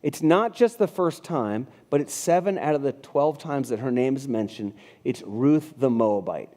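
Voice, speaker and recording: Male pastor, fifties, mellow tone, casual sermon delivery with frequent restarts. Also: medium pitch, expressive, moderate pace. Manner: conversational, restarts phrases, reads scripture aloud. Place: church sanctuary.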